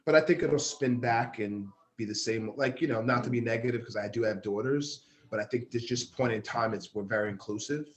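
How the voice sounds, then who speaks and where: A man who is a guest on a casual podcast, giving earnest, measured opinions. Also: medium pitch.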